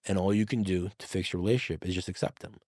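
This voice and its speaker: A man telling a personal story in a casual podcast conversation, animated, swearing freely and acting out the dialogue. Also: low voice, rapid-fire, dry recording, clean studio sound. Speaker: podcast guest.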